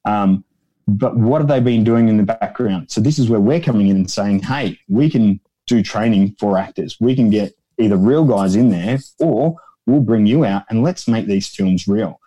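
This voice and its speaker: A man's voice: fairly low pitch, normal speed, dark tone. A man, a guest in a casual interview, telling rambling stories and acting out quotes in a raised voice. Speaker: guest, founder of an extras agency.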